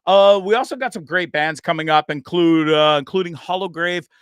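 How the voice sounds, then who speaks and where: A Canadian man in his fifties hosting a live-streamed talk show, rambling and joking with lots of shout-outs and fillers. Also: on the high side, normal speed, smooth, no echo. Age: 50s. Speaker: host.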